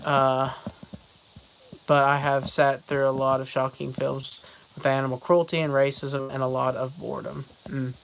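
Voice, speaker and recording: A young man talking straight to his viewers in a loose, rambling vlog, stacking one anecdote onto the next and laughing at his own jokes. His voice is bright and forward, and he keeps breaking into loud, mocking voices before dropping back to plain chat. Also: mid-range voice, level tone, normal speed, creaky, a little hiss or hum, low-quality recording. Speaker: vlogger. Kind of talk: casual storytelling vlog.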